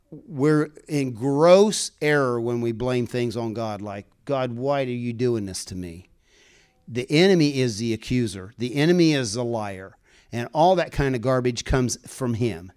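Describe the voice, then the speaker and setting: The preacher tells personal stories in an earnest, folksy, conversational sermon that climbs toward fervent exhortation. His mid-range voice is clear and resonant, and he takes his time.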